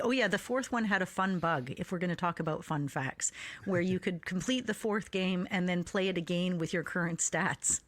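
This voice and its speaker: A woman's voice: mid-range voice, fairly bright tone. A woman co-hosting a casual podcast chat, talking enthusiastically and laughing often. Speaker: podcast co-host.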